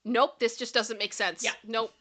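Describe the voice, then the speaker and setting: A woman with a higher voice and a bright, forward tone hosts a loose pop culture stream. She reads comments aloud and dissolves into giggles. She keeps slipping into silly sung snippets. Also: steady tone, normal speed. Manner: giggly, breaks into frequent laughter and sung snippets. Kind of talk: casual livestream chat reading viewer comments.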